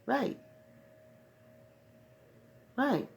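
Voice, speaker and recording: A woman vlogger telling a rambling personal story in casual chat, often tagging "right" and swearing freely. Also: drawn-out words. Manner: rambling, peppers talk with "right"; profane, laughs while telling.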